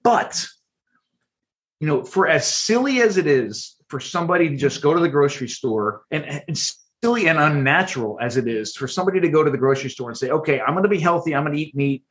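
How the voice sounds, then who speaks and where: Higher-voiced man explaining animatedly. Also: brisk. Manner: animated explainer, frequent restarts. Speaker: guest author. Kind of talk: podcast interview.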